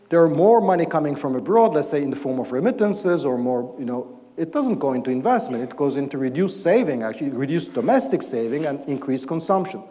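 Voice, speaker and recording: A man, an economics professor, giving an explanatory academic talk and answering questions, often pausing and restarting his sentences. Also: on the high side, dark tone, in a large hall. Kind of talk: academic lecture and Q&A. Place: lecture hall.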